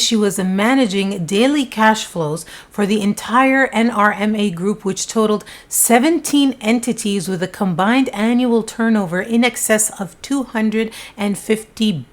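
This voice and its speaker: A woman casually telling a true-crime story to camera in a chatty, conversational way, with frequent asides. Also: medium pitch.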